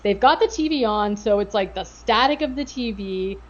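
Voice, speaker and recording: Woman podcast co-host, mid pitch, rambling casual recap, slightly dull lo-fi audio. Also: lively intonation, moderate pace. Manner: rambling, lots of filler words and swearing. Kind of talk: casual chat recapping a TV episode.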